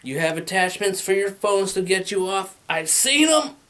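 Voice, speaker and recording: This comedian in his thirties has a high, animated, slightly bright voice and a moderate pace. Holding a handheld microphone, he wanders through a crude stand-up routine, acting out characters with dramatic shifts.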